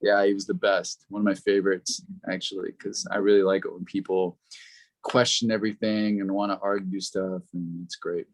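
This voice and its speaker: Guy on a podcast, chill storyteller, kinda low voice, cusses a lot. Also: moderate pace. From Los Angeles, United States. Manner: relaxed storyteller, swears freely. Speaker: podcast co-host. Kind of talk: casual conversation.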